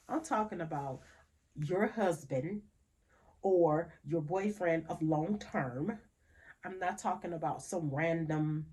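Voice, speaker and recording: Young woman host, blunt and profane, unhurried delivery. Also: on the low side, darkish tone. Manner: blunt, profane, laughing, emphatic repetitions. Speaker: podcast host. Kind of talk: frank casual monologue.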